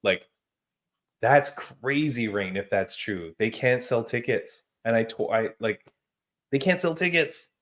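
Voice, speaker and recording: A man hosting a casual podcast chat, telling stories in an animated, emphatic way with casual slang. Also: lowish voice, slow. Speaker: podcast host.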